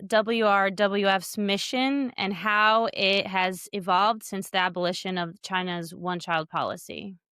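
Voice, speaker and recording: Host: woman interviewer, medium pitch, smooth tone, dry mic. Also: fairly even intonation, unhurried, hardly any pauses, a bit bright, dry recording. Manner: attentive, brief affirmations. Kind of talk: interview questions.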